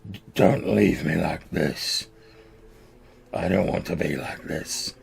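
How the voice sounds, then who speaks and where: A man's voice: low-pitched, slight background noise, voice pushed down, exaggerated voice. A man voicing a frightened captured nobleman who stammers through his story. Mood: pleading. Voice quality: gravelly, husky. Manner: halting, stammering.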